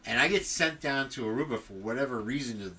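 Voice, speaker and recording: A man's voice: mid-range voice, quick pace, husky. A middle-aged man hosting a livestream, telling a long, rambling story full of swearing and tangents. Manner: profane, tangent-prone, animated retelling. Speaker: livestream host.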